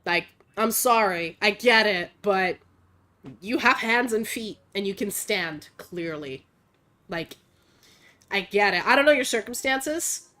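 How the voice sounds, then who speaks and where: A young woman streamer ranting casually in a blunt, profane, animated way, full of fillers, speaking into a desk mic at home. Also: mid-range voice. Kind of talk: casual opinionated rant while gaming.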